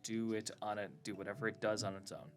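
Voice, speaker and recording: A man's voice: fairly low pitch, flat delivery, quick pace. A young man playing a tabletop game, eager and joking with the table. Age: young adult. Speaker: player. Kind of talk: casual tabletop game play.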